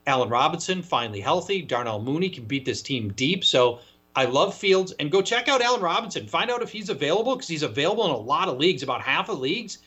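A male guest analyst rattles off fantasy football tips with quick enthusiasm. His bright voice rises and falls a lot and has a slightly husky edge. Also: fairly high pitch, big pitch swings. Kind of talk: sports radio analysis.

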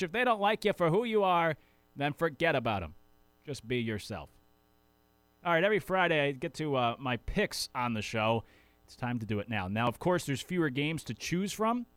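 A man's voice: a little high, clean tone, no room sound. A man hosting a sports talk show in a casual, rambling way, often correcting himself mid-sentence. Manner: chatty, rambling, self-correcting.

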